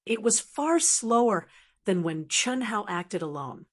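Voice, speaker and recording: A woman narrating a fantasy audiobook in a steady, even storytelling manner. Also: mid-range voice, a little slow. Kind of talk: scripted narration.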